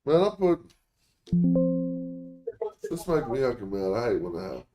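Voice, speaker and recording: A man's voice: mid-range voice, big pitch swings, normal speed, loud music behind the voice. A man hosting a casual live-stream lesson, explaining points conversationally and thinking aloud. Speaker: language teacher, stream host. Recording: roomy echo.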